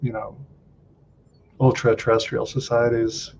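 A man co-hosting a casual livestream chat in a relaxed, easygoing way. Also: measured pace, vocal fry. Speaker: livestream co-host. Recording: dull lo-fi audio with faint rumble.

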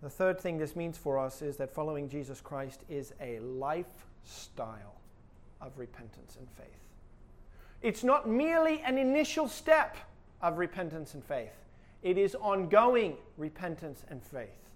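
High-voiced male preacher. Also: big pitch swings, a little slow. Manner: emphatic preaching with rising and falling intensity, rhetorical questions. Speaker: pastor. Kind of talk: sermon.

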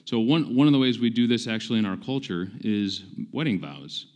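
A man's voice: lowish voice, lively intonation, a little fast. A pastor in his forties preaching a conversational sermon, emphatic and self-deprecating, often repeating himself for stress. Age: 40s.

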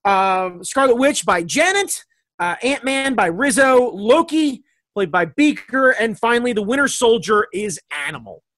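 A man in a casual comedic chat, talking excitedly and rambling, laughing often. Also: extremely high pitch, unhurried, no room sound.

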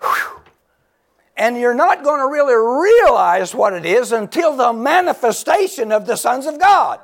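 A man in his seventies preaching a sermon, exclaiming loudly, laughing between phrases and dropping to a near whisper for emphasis. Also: very high voice, big pitch swings, a little slow. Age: 70s.

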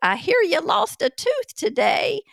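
A woman doing a playful granny who trades for teeth, high and crackly, dry close sound. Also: sing-song, measured pace, fairly bright tone, dry recording, full character voice. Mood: teasing. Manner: high, creaky old-lady voice.

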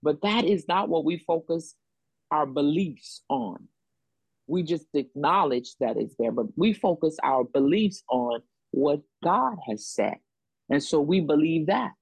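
Woman preaching, breathy voice, dry close sound, keeps repeating lines for emphasis. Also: deep voice, animated, measured pace, a little mellow, dry recording, rough recording. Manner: call-and-response preaching, repeats phrases for emphasis. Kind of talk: sermon.

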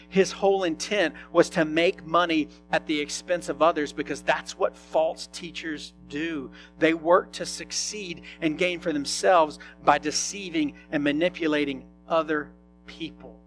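A male pastor preaching a sermon in a conversational way, often asking his listeners questions. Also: fairly high pitch. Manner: conversational, asks the congregation questions.

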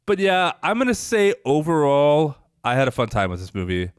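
A man's voice: fairly high pitch, big pitch swings, moderate pace, clear, resonant tone, no echo, studio quality. A young man co-hosting a podcast, chatting casually, rambling and swearing a lot with many restarts. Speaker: podcast co-host. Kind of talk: casual chat.

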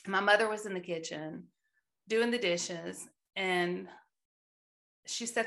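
A woman's voice: medium pitch, slow pace, gravelly, fairly bright tone. A woman in earnest storytelling mode, sharing a personal testimony of faith with some restarts.

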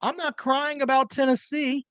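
A man's voice: very high voice, flat delivery, normal speed, fairly bright tone, no echo. A man co-hosting a casual sports talk livestream, reading viewer comments and firing back with sarcastic, profane jabs.

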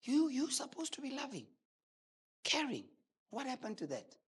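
A male preacher voicing God as a calm, correcting male voice that gently scolds. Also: extremely high pitch, normal speed, husky, voice pushed up, full character voice.

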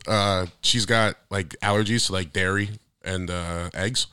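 A young man co-hosting a podcast, telling stories in a casual, animated way that gets loud and high when he is worked up. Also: unhurried, clear, resonant tone, dry recording. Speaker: podcast co-host. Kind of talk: casual chat.

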